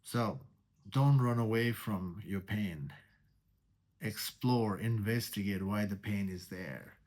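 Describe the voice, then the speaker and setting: A man teaching meditation in a spiritual talk. He speaks deliberately, repeats key words, and poses rhetorical questions. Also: on the low side, a little mellow.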